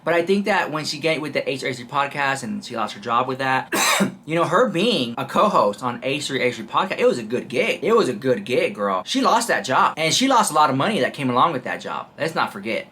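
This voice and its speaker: A chatty host pouring gossip commentary, with a bright, sharp tone and pitch that leaps up and down all the time. The delivery stays casual and talky, and the host keeps calling the viewers "girl" and speaking straight to them. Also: very animated, a little fast.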